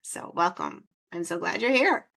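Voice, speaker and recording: A chatty woman with a Minnesota accent hosts a casual podcast interview. Her voice sits a little low, and she laughs easily as she talks. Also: animated, normal speed, creaky, a bit bright. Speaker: podcast host.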